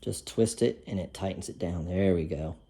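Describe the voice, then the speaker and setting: A man's voice: sits low, normal speed, warm tone. A man casually explaining a car repair step by step while he works, cracking self-deprecating jokes along the way. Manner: joking, self-deprecating asides. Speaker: DIY car mechanic host. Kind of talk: casual how-to narration while working.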